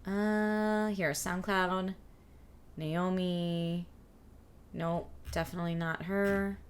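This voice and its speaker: A woman's voice: on the low side, steady tone, extremely slow, a little hiss or hum. A woman hosting a livestream, chatting casually and reading out viewer comments in an upbeat, rambling way. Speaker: livestream host.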